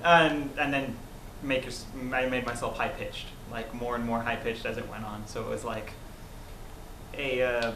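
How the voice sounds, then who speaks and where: A woman's voice: a bass voice, fairly even intonation, normal speed, noisy background. A woman voice actor chatting casually, making dry quips. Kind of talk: casual cast Q&A chat. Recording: roomy echo.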